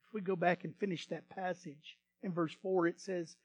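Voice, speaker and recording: A male pastor delivering a sermon in a high voice. He swings from loud, emphatic passages to quiet, hushed asides and has the congregation repeat lines after him. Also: steady tone, normal speed. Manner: repeats words when starting phrases.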